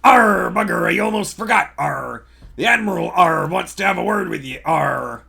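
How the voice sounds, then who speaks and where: A man's voice: sits high, animated, moderate pace, creaky, pushed and bright, slightly rough, pitched above the performer's own voice, full character voice. A man voicing a boisterous male pirate sailor who growls "arr" after every phrase, reading game dialogue aloud. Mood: hammy.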